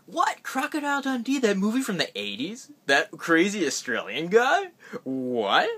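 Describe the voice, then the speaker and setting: A man voicing an incredulous friend who questions his choice with high, disbelieving questions. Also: very animated, normal speed, a bit bright, husky, exaggerated voice.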